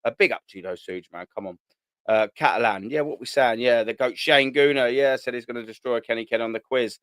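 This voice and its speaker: Male stream host, mid pitch, dry close sound, blunt and slangy, swears freely. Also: a little fast, fairly bright tone, smooth, dry recording. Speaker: host of a live fan show. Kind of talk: casual live-stream chat reading comments.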